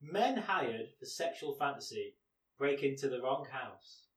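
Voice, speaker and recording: A man's voice: medium pitch, lively intonation, recorded from a distance. Playful man in an echoey room. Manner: playful, teasing, quick to laugh. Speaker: podcast co-host. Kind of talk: casual comedic chat.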